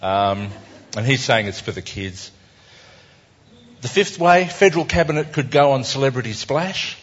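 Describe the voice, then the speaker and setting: A man's voice: medium pitch, animated, moderate pace, a bit bright, husky. Wry Australian man on a dull recording. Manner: wry, chatty, self-mocking. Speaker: cartoonist presenting his cartoons. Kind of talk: casual live talk to an audience.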